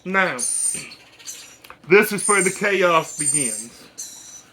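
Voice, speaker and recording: A man's voice: animated, very slow, pushed and bright, slight background noise. A man talking bluntly and casually while hand-feeding baby birds, cooing to them now and then. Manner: chatty and blunt, coos to the birds in a high voice. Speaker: bird breeder. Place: indoors with birds.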